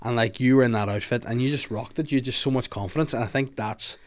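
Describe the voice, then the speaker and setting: A man's voice: mid-range voice, quick pace. A man hosting a casual comedy podcast, joking and often laughing and slipping into silly voices. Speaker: podcast host.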